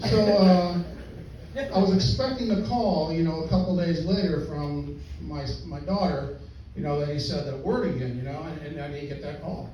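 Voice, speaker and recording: A man's voice: on the high side, normal speed, slight background noise. An older man, a grandfather, telling a folksy comic story on stage and chuckling as he goes. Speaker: stand-up comedian. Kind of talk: storytelling stand-up. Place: live venue with audience. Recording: distant, roomy, dull live recording.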